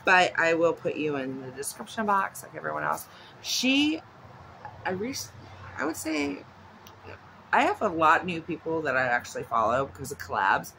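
A woman's voice: deep voice, big pitch swings, normal speed, vocal fry, pushed and bright, a little hiss or hum, rough recording. A woman vlogging at home in a casual, chatty way, rambling off into asides. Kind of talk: casual chat. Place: at home with her dog nearby.

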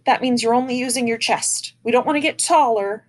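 A woman with a higher voice talks at normal speed, hardly pausing at all. Seated on a chair indoors in front of a camera, she patiently leads an online music lesson for children, demonstrating breaths throughout.

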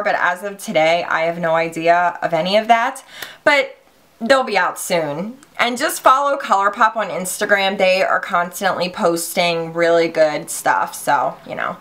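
Gushing woman beauty vlogger. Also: mid-range voice. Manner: gushing, excitable, swears lightly. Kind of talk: casual makeup review.

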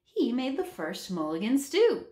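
A woman reading aloud and voicing an easygoing, blunt male hobo in a flat, matter-of-fact way. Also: on the high side, unhurried, voice pushed up. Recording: roomy echo.

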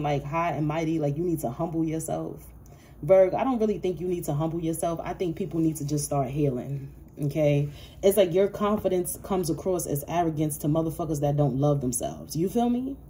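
Low-voiced, profane woman reading tarot. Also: dark tone. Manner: profane, laughing, playful hype-talk. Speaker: tarot reader. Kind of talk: casual tarot reading monologue.

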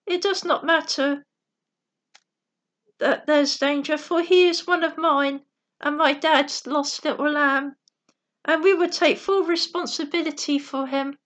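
Woman reading storybook shepherd girl, determined, earnest, insistent, high voice, slow. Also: steady tone, a bit bright.

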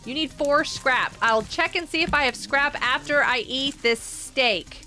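A woman's voice: high voice, unhurried, bright, forceful tone, faint music behind. A woman streaming a survival game, chatting playfully and scolding her teammates in mock outrage. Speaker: gaming streamer. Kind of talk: casual gameplay commentary.

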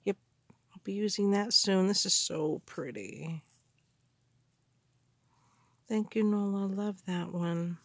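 A woman in a casual craft haul video, gushing with excited gasps and exclamations over the supplies she unpacks. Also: mid-range voice, slow, pauses often. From Canada. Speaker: crafter unboxing mail.

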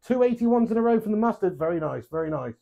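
A man's voice: high voice, animated, fast talker, vocal fry, phone-quality sound, slight background noise. A young man hosting a live darts stream, chatty and joking, swearing freely and calling viewers lad and mate. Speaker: live stream host playing webcam darts. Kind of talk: casual live-stream chat.

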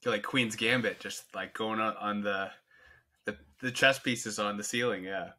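A man's voice: lowish voice, steady tone, normal speed, bright, forceful tone. A man being interviewed on a podcast, telling his story in a candid, reflective way. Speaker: podcast guest. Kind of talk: conversational interview.

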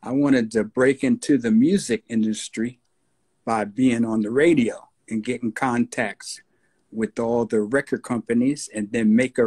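A man in his sixties with a New York accent, a guest recalling his past in a relaxed storytelling interview. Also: mid-range voice. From United States. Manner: slow, unhurried storyteller with husky tone, breaks into voices of radio DJs.

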